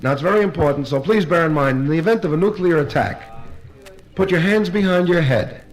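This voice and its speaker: A man telling jokes in a nightclub stand-up routine, with brisk punchline timing before a live audience. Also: a little high, animated. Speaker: stand-up comedian. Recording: live LP recording with distant crowd laughter.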